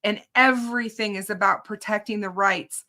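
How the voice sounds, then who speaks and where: A woman's voice: medium pitch, fairly even intonation, normal speed, bright, forceful tone. A woman hosting a true crime channel, telling viewers about her day in court in an emphatic, indignant casual way.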